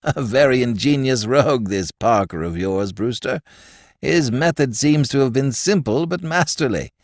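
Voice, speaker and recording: A man doing an unruffled old professor who savors his words slowly and sounds pleased with his own cleverness. His voice sits dry and close, and it moves in lively turns of pitch. It comes from an audiobook reading. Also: no echo, close to an everyday voice. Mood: calmly admiring. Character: genial older male professor, calm and pedantic.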